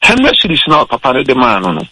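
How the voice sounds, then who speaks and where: A man telling a story in relaxed radio talk, switching between Twi and English. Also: mid-range voice, fast, no room sound, rough recording.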